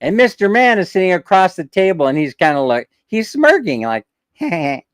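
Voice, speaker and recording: A man's voice: high-pitched, very animated, normal speed, no echo, rough recording. A man hosting a live stream, telling a long story in a chatty, jokey way and laughing along. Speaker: vlog host.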